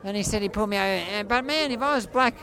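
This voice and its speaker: A man in his forties with an Australian accent and a high voice often mistaken for a woman's, rambling through stories in an animated, playful way. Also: rapid-fire. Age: 40s. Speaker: street performer jester. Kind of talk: casual storytelling interview. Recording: faint crowd outdoors.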